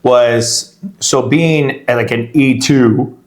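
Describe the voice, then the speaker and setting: A man's voice: medium pitch, fairly even intonation, takes it slowly. Rambling middle-aged man hosting a podcast. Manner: rambling, self-interrupting, laughs while telling stories. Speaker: podcast co-host, real estate agent. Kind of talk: casual podcast chat.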